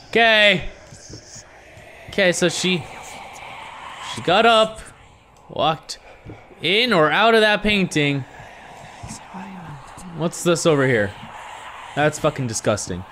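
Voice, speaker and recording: A young man commenting on a horror game he is playing, sarcastic and swearing, jumping between low mutters and startled yelps. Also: animated, takes it slowly, pauses often, pushed and bright, slight background noise. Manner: jumpy, sarcastic and profane, swinging from muttering to yelps. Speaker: gaming video host. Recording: faint music behind the voice.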